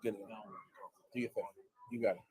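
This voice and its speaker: A man's voice: moderate pace, warm tone. A man leading a congregation, giving a bold, joking preaching lecture and answering questions from the floor. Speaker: leader teaching a congregation. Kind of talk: street-style preaching lecture.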